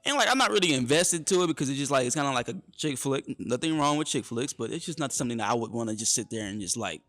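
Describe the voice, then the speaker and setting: A man co-hosting a laid-back podcast conversation. His voice sits at a middle pitch and he talks in an animated, chatty way, often calling his partner "bro". Faint music plays behind him. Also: fast talker, dry recording. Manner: animated, peppers speech with "bro". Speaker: podcast co-host. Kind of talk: casual chat.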